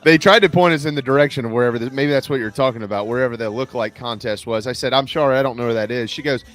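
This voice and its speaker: A man's voice: medium pitch, very fast, fairly bright tone, soft background music. A man hosting a radio talk show, telling stories in casual chat from a studio microphone. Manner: storytelling with Southern "y'all".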